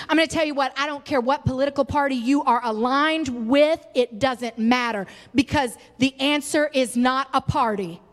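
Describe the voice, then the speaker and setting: A young woman preaching a sermon with passion, rising loud and falling soft. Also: moderate pace, few pauses, big-room sound. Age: young adult. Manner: impassioned, swinging from loud highs to soft lows.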